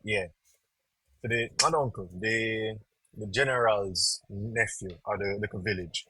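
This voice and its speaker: A man's voice: on the low side, unhurried, pushed and bright, husky, no room sound, rough recording. A young man, hosting a casual podcast chat and animatedly stumbling over repeated words while he searches for them. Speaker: podcast host.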